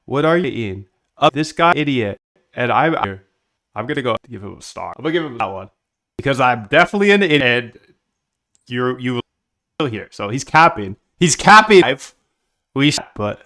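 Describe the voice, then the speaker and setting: A man live streaming while he builds software, chatting in a rambling, slangy way and reacting to his chat. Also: mid-range voice.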